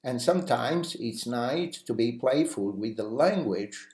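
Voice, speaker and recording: Slow-paced male English teacher. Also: medium pitch. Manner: acts out example phrases in a lively way; uses many "you know" fillers. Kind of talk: language lesson. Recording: roomy echo.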